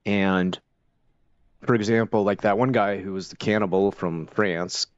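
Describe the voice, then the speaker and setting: A man's voice: on the low side, fairly even intonation, a little slow, dry recording, muffled recording. A man streaming a game, chatting casually and rambling with lots of fillers and restarts. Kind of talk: casual live-stream chat while playing.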